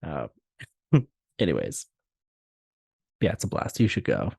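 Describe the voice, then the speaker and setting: Podcast co-host, young man, low voice, dry close sound, laughs a lot. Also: takes it slowly, creaky, slightly rough, no echo. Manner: laughing often, animated storytelling. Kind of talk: casual chat.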